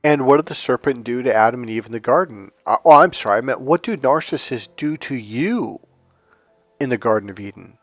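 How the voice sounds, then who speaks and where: A man who coaches on dating and relationships, talking casually to his channel as an outspoken, animated storyteller. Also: mid-range voice, fairly quick, dry recording, soft background music.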